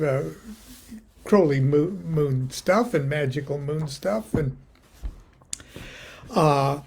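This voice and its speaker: An older man hosting a casual chat, rambling and halting with many fillers. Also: on the high side, vocal fry, slightly rough. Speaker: host.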